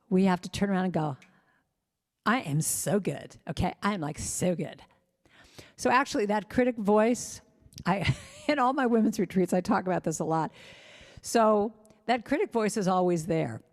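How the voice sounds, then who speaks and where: Woman spiritual speaker, animated storyteller, mid-pitched voice, long hall reverb. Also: normal speed. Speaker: guest speaker and singer. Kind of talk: spiritual talk over video call. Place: congregation service streamed to viewers on gallery view.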